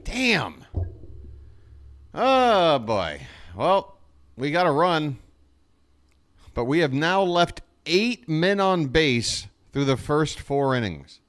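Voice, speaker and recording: Exasperated fan calling a baseball game. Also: male voice, on the high side, big pitch swings, extremely slow, long pauses, fairly bright tone. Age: adult. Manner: exasperated, sarcastic, jokey asides. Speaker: fan play-by-play host. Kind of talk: live fan play-by-play commentary.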